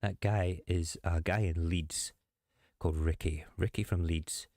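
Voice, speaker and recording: A man's voice: low-pitched, steady tone, unhurried, darkish tone, no room sound, studio quality. A man hosting a show, chatting casually and sarcastically about politics. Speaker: host.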